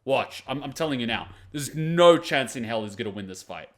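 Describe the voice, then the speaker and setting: A man's voice: medium pitch, expressive, fairly quick. A man hosting an anime reaction video, giving blunt, profane, mocking commentary on the fight.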